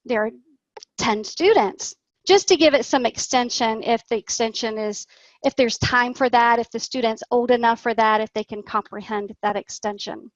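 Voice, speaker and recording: A woman, an online English teacher, walking through a lesson plan slowly and acting out the prompts she would give a young student. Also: on the high side, no room sound, muffled recording.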